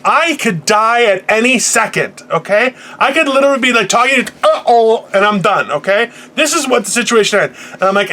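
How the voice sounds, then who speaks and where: Profane, animated man ranting. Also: moderate pace. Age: 40s. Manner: animated, profane storyteller who bursts into loud, high outbursts. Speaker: podcast co-host. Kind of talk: casual motivational rant.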